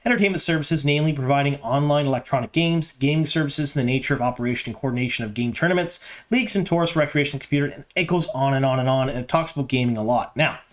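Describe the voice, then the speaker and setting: A man's voice: medium pitch, fast talker, hardly any pauses. A man hosting a fan news channel, talking casually and with opinions, with a lot of ums and uhs. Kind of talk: casual solo commentary to camera.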